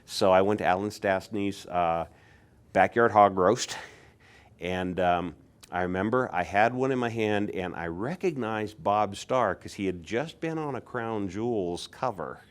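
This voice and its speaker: Guy in his 60s from pennsylvania, kinda low voice, chatty storyteller who does little voices for other people. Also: measured pace, smooth. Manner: animated, acts out what others said, chuckles. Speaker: insulator collector. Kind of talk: casual storytelling.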